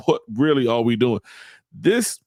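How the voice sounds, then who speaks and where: A man's voice: medium pitch, very animated, unhurried, a little mellow, no room sound. Male podcast host, mocking comic commentary, dry close sound. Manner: mocking, joking, laughs often. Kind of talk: casual political commentary.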